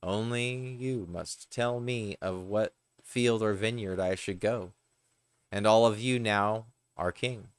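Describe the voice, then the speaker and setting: A man's voice: fairly low pitch, slow pace, clear, resonant tone, no room sound. A man reading aloud the solemn, earnest speech of a king giving up his crown.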